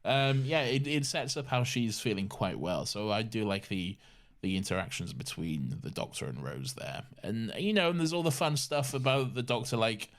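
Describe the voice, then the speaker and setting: Man, podcast co-host, animated pitch, loose rambling delivery. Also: moderate pace. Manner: rambling, restarts often, laughs a lot. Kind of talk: casual chat.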